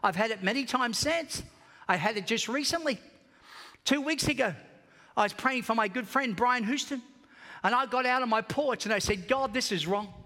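A male pastor preaching a sermon with fervent storytelling, swinging from near-whispers to shouts. His voice sits high and bright. The sound rings with the long reverb of a large church hall. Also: normal speed. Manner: passionate storytelling, swings between shouting and hushed.

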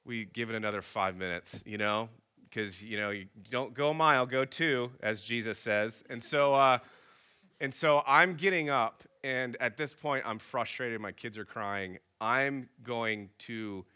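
Bright-voiced man telling a story. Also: medium pitch, a little slow, smooth. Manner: animated storyteller acting out both sides of a dialogue. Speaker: pastor. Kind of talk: sermon storytelling.

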